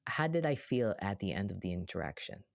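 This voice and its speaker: Animated podcast host, a therapist. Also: deep voice, brisk, vocal fry, dry recording. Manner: animated storyteller who acts out quoted voices. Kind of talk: casual podcast chat.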